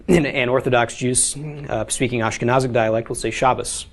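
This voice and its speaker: A man's voice: mid-range voice, little pitch movement, fairly quick, hardly any pauses. A man teaching a beginners' language class, explaining step by step and often checking with "okay?". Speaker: Hebrew teacher. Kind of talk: informal classroom lecture.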